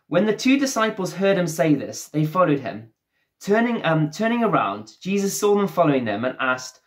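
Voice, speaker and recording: Storytelling preacher with a slightly high voice. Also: male voice, very animated, moderate pace. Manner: storytelling, acts out the characters' lines. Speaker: pastor. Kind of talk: sermon. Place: church, streamed online service.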